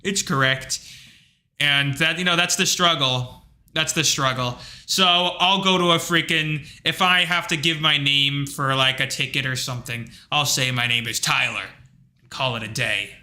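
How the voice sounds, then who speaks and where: A man's voice: a little high, normal speed. A man hosting a livestream, talking in a rambling, casual rant full of fillers and blunt asides. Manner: rambling, filler-heavy, animated retelling; blunt, with occasional profanity. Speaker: livestream host.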